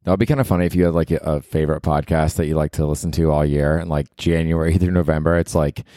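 A man's voice: rumbling low, little pitch movement, fast talker, warm tone, no room sound, clean studio sound. A man in his forties hosting a solo comedy podcast, rambling with lots of likes and you knows. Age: 40s. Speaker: podcast host.

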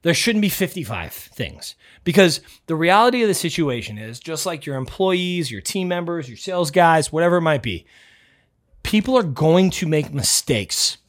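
A man's voice: a little high, very animated, normal speed. Blunt, fired-up podcast host man. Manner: loud, self-described yeller. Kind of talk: motivational podcast monologue.

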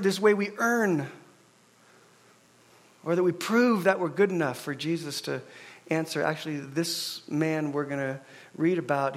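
A middle-aged man, a pastor, giving a conversational sermon, telling stories and acting out the voices of the people in them. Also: a little high. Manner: animated storyteller, acts out quoted voices.

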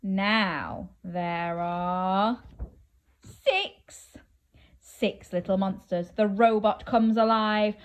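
A woman reading a children's picture book aloud, playful and animated, inviting the listener to join in, with drawn-out dramatic pauses. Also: mid-range voice, smooth. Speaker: children's story reader.

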